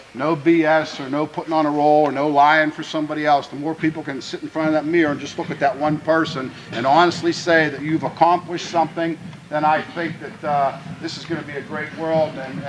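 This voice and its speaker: A man who is a high school football head coach, giving an earnest, plainspoken pregame speech to his players and often restarting his phrases. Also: slight background noise, rough recording. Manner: grows louder and more fervent when speaking of country.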